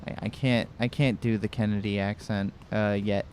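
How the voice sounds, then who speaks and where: A man's voice: on the low side, level tone, moderate pace, a little mellow, a little hiss or hum. A man from Connecticut talking casually while playing a video game, rambling with frequent restarts and fillers. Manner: rambling, chatty, many restarts. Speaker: gaming streamer. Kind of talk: casual let's-play commentary.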